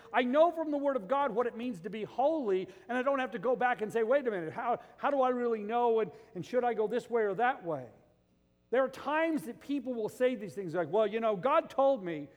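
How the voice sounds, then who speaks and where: A man with a fairly high voice preaches from the pulpit, his words trailing off into the long reverb of a church hall. He tells stories animatedly, slipping into other people's voices, then swells up to emphatic high points. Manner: animated storytelling, acts out quoted voices, rises to emphatic peaks. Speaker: pastor. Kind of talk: sermon.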